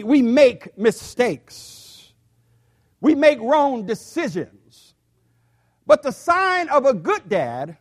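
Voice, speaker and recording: An older male pastor preaching in his sixties, with a high voice for a man. He talks slowly and deliberately, sometimes doubling his words as he addresses the congregation. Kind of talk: sermon.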